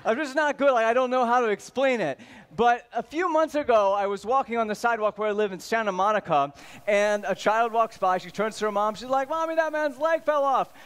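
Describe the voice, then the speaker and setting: A man in his thirties doing stand-up comedy, telling stories in an animated way and acting out the voices of the people in them. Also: high voice, fairly quick, smooth. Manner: animated, acts out quoted voices.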